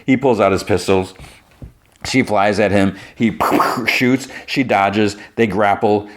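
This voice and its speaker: A man's voice: on the low side, fairly even intonation, slow pace. A man hosting a podcast, rambling through a casual TV episode recap with lots of fillers. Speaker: podcast host.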